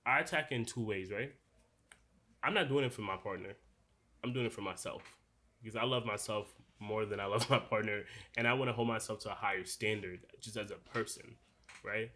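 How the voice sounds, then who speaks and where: Young male podcast co-host, accented, earnest and rambling, on the low side. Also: normal speed, bright, forceful tone. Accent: noticeable non-standard accent. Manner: earnest, loose, full of "like" and restarts. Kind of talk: casual podcast discussion.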